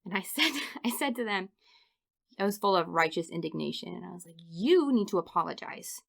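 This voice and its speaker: Woman in her 30s telling funny stories on a podcast, lots of laughing, kinda raspy-fry voice, sharp and bright. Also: fairly low pitch, fairly quick. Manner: animated storyteller, laughs often. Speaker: podcast guest. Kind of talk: casual storytelling interview.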